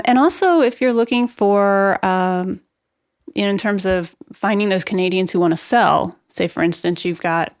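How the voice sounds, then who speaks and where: A woman speaking as a guest expert on a real estate podcast. She gives practical marketing advice in a brisk, upbeat way. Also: on the low side, dry recording, studio quality. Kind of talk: podcast interview, explaining marketing tips.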